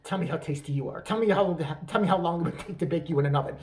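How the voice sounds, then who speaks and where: A man voicing a creepy cannibal seducer who murmurs low and hushed. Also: rapid-fire, distant mic, lightly acted.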